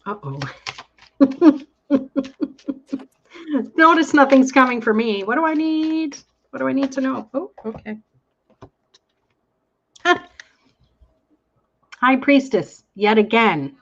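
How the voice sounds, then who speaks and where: A woman hosting a live tarot stream, reading cards aloud for viewers. She talks slowly and enthusiastically. The audio is slightly muffled, as on an online stream. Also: high voice, animated, a little hiss or hum. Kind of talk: casual live chat. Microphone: online call audio.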